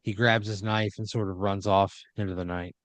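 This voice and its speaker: A man's voice: on the low side, steady tone, moderate pace, fairly bright tone, dry recording. A man improvising a second-person story as a podcast storyteller, rambling with uhs and restarts.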